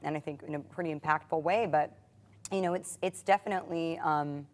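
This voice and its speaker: An actress on a cast panel, talking thoughtfully and haltingly with many fillers. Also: female voice, deep voice, fairly even intonation, darkish tone. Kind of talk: reflective casual talk.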